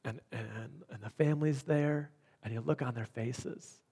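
A man's voice: mid-range voice, unhurried, warm tone, breathy edge. A man preaching a sermon, telling a personal story in an earnest way with frequent restarts. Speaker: pastor.

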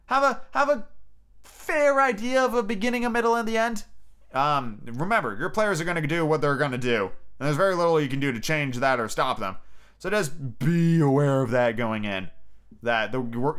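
A man's voice: fairly high pitch, expressive, moderate pace, a bit bright, smooth. A man hosting a podcast, chatting casually and giving emphatic, joking advice on running tabletop games. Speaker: podcast host. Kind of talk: casual chat giving game master tips.

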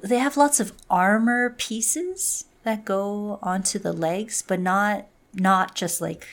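A woman's voice: mid-range voice, slow pace. A woman co-hosting a podcast in casual chat, chatty and often trailing off. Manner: chatty, laughs between remarks, trails off. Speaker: podcast co-host.

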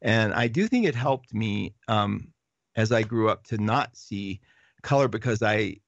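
A middle-aged man hosts a casual live chat, answering viewer comments and drifting into stories. His gravelly voice sounds dry and close. The recording is dull and lo-fi. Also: on the low side, measured pace, no echo. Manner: animated, rambling with restarts and laughs. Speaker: livestream host reading viewer comments.

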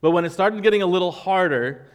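Man, pastor, sermon, casual and wry, higher voice, long reverb. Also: fast, clear, resonant tone. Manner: conversational, wry, acts out quoted voices.

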